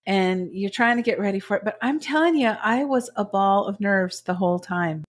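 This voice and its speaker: Recapping a TV drama on a podcast she co-hosts, this woman talks at a moderate pace in a medium-pitched voice. Her casual conversation brims with gushing, emotional excitement.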